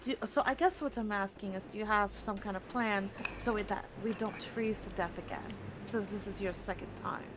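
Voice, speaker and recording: A woman's voice: medium pitch, brisk, hardly any pauses, noisy background. A woman playing a tabletop game over voice chat, playful and teasing with her questions. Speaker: player. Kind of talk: casual tabletop game play.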